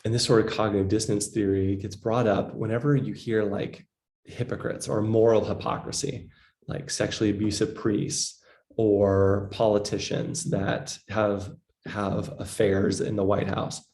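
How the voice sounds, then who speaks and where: A man's voice: lowish voice, level tone, unhurried, darkish tone, reverberant. A man giving a casual psychology lecture, full of fillers, acting out quoted voices. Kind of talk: recorded lecture.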